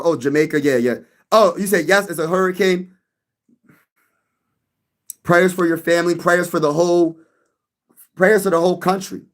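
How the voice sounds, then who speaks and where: A man hosting a casual sports live stream, chatting with viewers in an animated way and often repeating himself. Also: a little high. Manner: animated, repeats himself, addresses chat directly.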